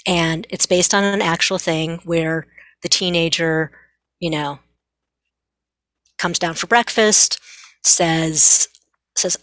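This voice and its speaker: A woman's voice: lowish voice, fairly even intonation, slow, long pauses, fairly bright tone, no echo. A middle-aged woman psychiatrist, a guest, explaining earnestly and acting out bits of dialogue. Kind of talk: explanatory interview talk.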